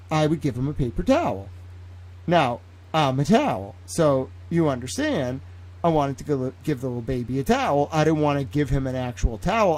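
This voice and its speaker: A man streaming, talking in a rambling, profane, animated way as he tells stories. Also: a little high. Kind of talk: casual livestream rant.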